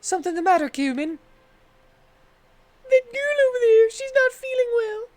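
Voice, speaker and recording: Brief: woman voicing a high, squeaky, bossy young game heroine. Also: very animated, normal speed, a little mellow, rough recording. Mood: eager. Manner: high, squeaky, pushy put-on voice. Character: meddling, eager young woman matchmaker.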